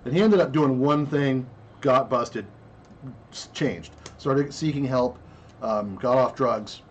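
A man's voice: mid-range voice, takes it slowly, highs cut off, slight background noise. A man co-hosting a casual podcast discussion, talking in a blunt, crude and rambling way. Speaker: podcast co-host.

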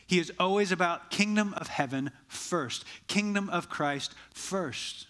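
Conversational preaching man, higher voice. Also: unhurried, few pauses, fairly bright tone. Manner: conversational preaching, acting out quoted dialogue with brief restarts. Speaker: pastor. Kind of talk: sermon.

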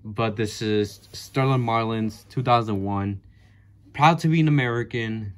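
A man casually chatting through an unboxing of his collectible model cars, rambling and cursing, with his voice jumping up in excited outbursts. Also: measured pace. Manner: rambling, profane, jumpy pitch with excited outbursts.

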